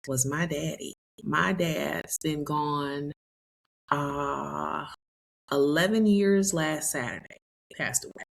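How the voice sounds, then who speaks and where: A woman in her fifties with a low, deep voice speaks. She hosts a podcast and tells a personal story in a candid, emotional way, acting out what people said. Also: vocal fry, fairly bright tone. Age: 50s. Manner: candid and emotional, with laughs and quoted dialogue. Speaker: podcast host.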